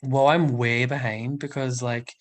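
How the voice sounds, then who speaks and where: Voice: medium pitch, flat delivery, a little slow. A livestream host chatting casually and rambling through viewer comments, with frequent ums and giggles. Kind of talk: casual live chat reading viewer comments.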